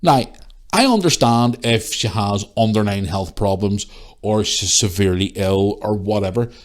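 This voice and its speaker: A man hosting a casual podcast, telling a story in an animated rant with heavy swearing and sudden high-pitched outbursts. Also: moderate pace. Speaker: podcast host.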